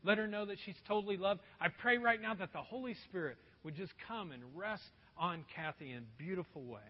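A man pastor telling a story in a sermon, animated and poking fun at himself. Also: sits high, fairly quick. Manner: animated, self-mocking storytelling. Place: church auditorium. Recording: dull echoey hall recording.

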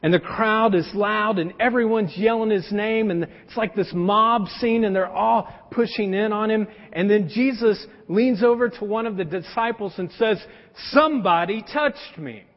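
High-voiced male pastor, lively casual storytelling from the pulpit, roomy hall reverb. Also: normal speed, few pauses. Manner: animated storytelling, casual slang. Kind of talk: sermon. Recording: echoey hall, dull sound.

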